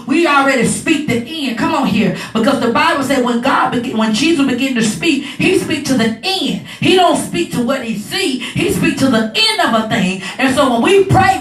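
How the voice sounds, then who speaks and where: Woman preacher, sermon, high voice, heard from a distance. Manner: builds from low, measured teaching to shouted, rising preaching. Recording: echoey hall from a distance.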